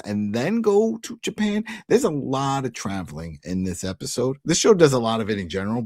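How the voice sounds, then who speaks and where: A man's voice: fairly low pitch, dry recording. Guy hosting a tv recap, jokey, voice jumps all over, dry close sound. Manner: animated, jokey, acts out characters' lines. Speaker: podcast co-host. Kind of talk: casual TV recap chat.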